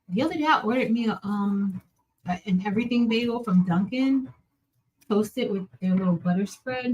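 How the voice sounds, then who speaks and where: A woman hosts a casual live stream, greeting viewers one by one by name. She chats about her week in a relaxed, conversational way and tells little stories with animated energy. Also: mid-range voice, low-quality recording. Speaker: livestream host.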